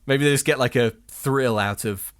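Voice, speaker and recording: A man co-hosts a podcast in a casual, playful way, riffing and building silly bits. His voice sits at an ordinary mid pitch for a man. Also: moderate pace, smooth. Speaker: podcast co-host. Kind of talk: casual chat.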